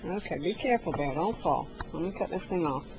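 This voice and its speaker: At home indoors, a caregiver films a toddler on a handheld camcorder, talking to the child in playful, animated, sing-song baby talk. Her voice sits on the low side and she speaks fast. The home-video recording sounds muffled, with clear background noise.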